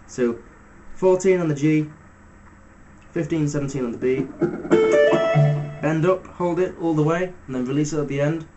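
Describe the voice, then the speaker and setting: Male guitar teacher, slightly high, easygoing, loud guitar playing in the mix. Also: normal speed, long pauses, dull audio. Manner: relaxed, talks through fret numbers with fillers. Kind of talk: casual step-by-step guitar tutorial. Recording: loud guitar music under the voice. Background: electric guitar playing between phrases.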